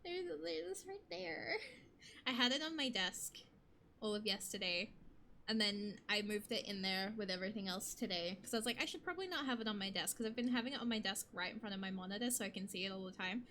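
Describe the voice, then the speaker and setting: A woman's voice: mid-range voice, fast talker, sharp tone, slight background noise. A young adult woman streamer chatting casually with her viewers, bubbly and rambling, often laughing.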